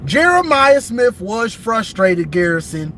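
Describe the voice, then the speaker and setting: A man's voice: sits high, big pitch swings, slow pace, a bit bright, a little hiss or hum. A man ranting casually about football on a livestream from inside his car, emphatic and repeating himself. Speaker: sports commentator vlogger.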